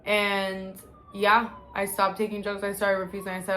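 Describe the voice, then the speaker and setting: In a candid personal story told straight to camera, a woman vlogger describes her sobriety, swearing freely, using slang, and rambling with restarts and lots of "like." Her medium-pitched voice is a bit bright and completely flat at normal speed, with a little hiss or hum in the recording.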